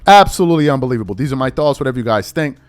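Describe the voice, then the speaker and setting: A man's voice: mid-range voice, quick pace, no echo, faint music behind. A man hosting a solo sports opinion show, ranting with rhetorical questions. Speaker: sports commentary host.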